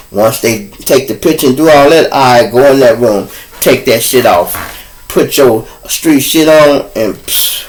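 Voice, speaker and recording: A man's voice: mid-range voice, rough recording. A man hosting a show and telling loose, profane stories in a casual monologue. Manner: loose, profane, animated storytelling. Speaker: host.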